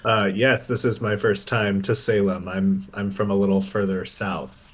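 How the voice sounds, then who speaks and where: A man playing a tabletop game, answering in character in a hesitant, halting way. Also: on the low side, level tone. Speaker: player. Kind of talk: in-character role-play.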